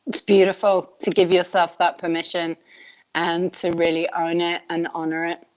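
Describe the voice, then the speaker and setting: A woman's voice: fairly low pitch, little pitch movement, moderate pace. A woman hosting a casual coaching talk, earnest and frank, laughing often and swearing mildly. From Australia. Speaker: host, life coach. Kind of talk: casual conversational podcast chat.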